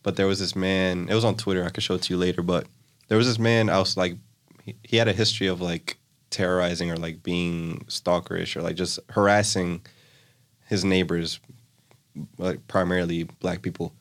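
A young man with a very deep voice tells a story in relaxed everyday chat. He rambles and circles back, leaning on filler words as he goes. The tone stays casual and conversational throughout. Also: fairly quick.

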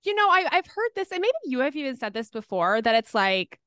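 A woman with a high, bright, crisp voice chats on a podcast. Her pitch swings a lot, and she fills her talk with "like," all recorded close and dry. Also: big pitch swings, a little fast, no echo. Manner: chatty, many fillers like "like". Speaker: podcast co-host. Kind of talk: casual chat.

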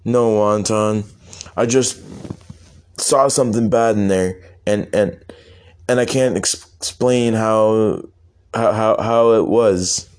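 A man's voice: on the low side, takes it slowly, long pauses. A man voicing a hot-headed young male weed business owner who talks bluntly and stammers. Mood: flustered.

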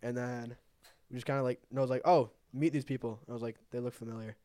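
A young man co-hosting a podcast, teasing his friends in quick banter and telling an anecdote. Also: mid-range voice, steady tone, warm tone. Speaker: podcast co-host. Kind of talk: casual chat.

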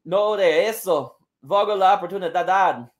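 Brief: a man playing a cocky luchadora cutting a loud wrestling promo, raised pitch. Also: moderate pace, natural voice. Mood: fired up. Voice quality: loud, showy ring-announcer delivery. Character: brash Mexican woman wrestler cutting a promo. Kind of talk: wrestling promo role-play.

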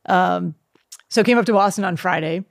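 A man's voice: high-pitched, moderate pace, creaky, no echo, clean studio sound. A man talking as a podcast guest in casual chat, telling a story and acting out the voices of the people he quotes. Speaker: podcast guest, marathon runner.

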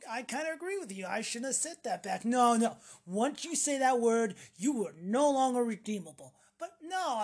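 A woman with a fairly high voice rants on camera in a loose, profane monologue. She is sarcastic and swears freely. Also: husky. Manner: sarcastic, acts out mocking voices. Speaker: vlogger.

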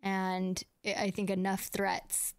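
A young woman tells personal stories in a relaxed, chatty way, scattering "like" through her sentences. Her voice is smooth and clear, with a mid-range pitch. The recording is dry and close, with no room sound. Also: slow pace, no echo. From United States. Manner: chatty, fills speech with "like", acts out quoted dialogue. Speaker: podcast host. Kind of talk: casual personal storytelling.

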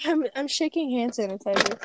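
Giddy high-voiced young woman. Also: fairly quick, a loud crowd. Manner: giggly, excitable, repeats words. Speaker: podcast co-host. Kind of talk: casual chat between friends.

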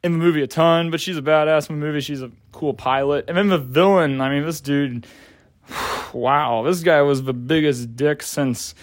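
A young man reviews a film in a loose, rambling way, full of filler words and the odd casual curse. His voice sits a little higher than most men's, and the recording is dry and close, with no room sound. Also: moderate pace, no echo. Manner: rambling, filler-heavy, slangy, swears casually. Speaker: movie reviewer.

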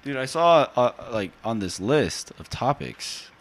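A young man co-hosting a casual chat, telling stories in an animated, mocking way. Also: mid-range voice, unhurried. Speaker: podcast co-host.

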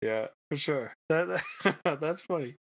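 A man with a somewhat high, gravelly voice and lively intonation hosts a casual podcast at a measured pace. He mostly asks questions and offers brief backchannel replies.

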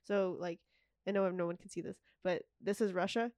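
A woman's voice: fairly low pitch, steady tone, normal speed, a little mellow, no room sound, studio quality. A woman guest on a podcast, talking casually and easily, often answering with short agreements. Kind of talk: casual chat.

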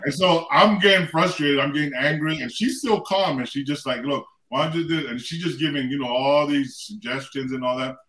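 A man's voice: fairly high pitch, brisk, few pauses, bright, forceful tone. A man in a casual chat, telling a story with animation and acting out both sides. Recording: echoey room with a crowd behind.

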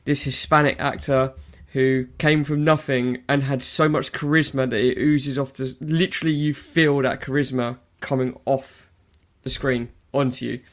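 A man talking about actors he admires, earnest and heartfelt, now and then swearing. His pitch is in the middle range. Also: fairly even intonation, normal speed, hardly any pauses, a bit bright. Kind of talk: casual film chat.

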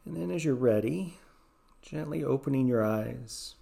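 A man leading a guided meditation, giving slow, gentle, soothing instructions. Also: mid-range voice, expressive, vocal fry.

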